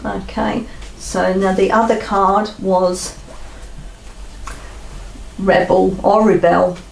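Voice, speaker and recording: Woman card reader, slow and gentle oracle reading, roomy sound, mic set back from her. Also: mid-range voice, level tone, vocal fry, distant mic, a little hiss or hum. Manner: slow, gentle, pausing with fillers.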